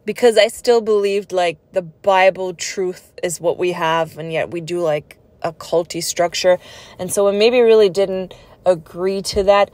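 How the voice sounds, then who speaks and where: A woman's voice: on the low side, a little slow, a little mellow, dry recording. A woman telling her own life story in a personal vlog, speaking in an earnest, conversational and reflective way.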